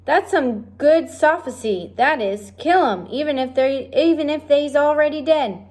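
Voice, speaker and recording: A woman's voice: sits high, measured pace, darkish tone, voice pushed up. A woman voicing a dim-witted young servant girl who talks in folksy slang and mangles her words.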